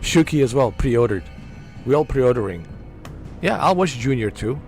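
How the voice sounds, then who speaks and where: A male gaming streamer chats casually and eagerly, circling back to the same points with plenty of slang. His voice sits at a mid pitch. Quiet game music runs in the background. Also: lively intonation, normal speed. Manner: enthusiastic, repetitive, slangy ("man", "dude"). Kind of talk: casual chat over gameplay.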